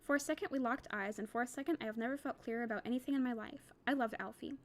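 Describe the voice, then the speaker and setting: A young woman reading a novel aloud for a book club, quick and casual, with chatty asides. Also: a little high.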